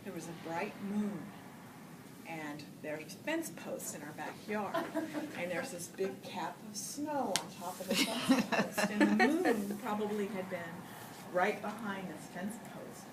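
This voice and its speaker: A woman's voice: medium pitch, a little slow, recorded from a distance. A woman giving a storytelling speech at a Toastmasters meeting, acting out voices and laughing often. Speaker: Toastmasters speaker. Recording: roomy hall recorded from afar with noise.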